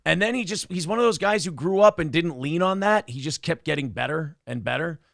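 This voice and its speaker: A man's voice: on the high side, lively intonation, a little fast, creaky, a bit bright, dry recording, clean studio sound. A man hosting a morning talk show, chatting casually in a crude, rambling, jokey way. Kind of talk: casual comedic chat.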